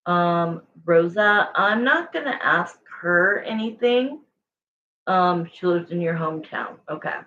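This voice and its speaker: A woman chats her way through a casual livestream tarot reading at an unhurried pace. She rambles, corrects herself and talks straight to the viewers. The sound is dull and lo-fi, like a home stream. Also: on the low side, lively intonation, pushed and bright, a little hiss or hum. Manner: chatty, rambling, self-correcting, answering viewers. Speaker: tarot reader.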